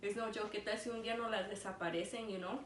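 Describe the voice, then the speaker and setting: Racing through a casual story during a meal, this young vlogger co-host keeps a steady tone at medium pitch. She rambles, leans on "like" constantly and switches languages partway through sentences. The room is echoey, the mic distant, and there's faint background noise.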